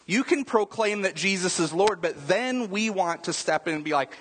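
A man's voice: high-pitched, expressive, normal speed, few pauses, fairly bright tone, breathy edge, in a large hall. A man preaching a sermon as pastor, in a conversational way, often checking in with the congregation by asking "right?". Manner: casual, rhetorical asides with frequent "right?".

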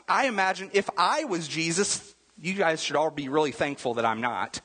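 A man's voice: on the high side, lively intonation, moderate pace, few pauses, bright, forceful tone, slightly rough, long reverb tail. A man preaching a sermon as pastor, in a conversational way, often checking in with the congregation by asking "right?". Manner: casual, rhetorical asides with frequent "right?".

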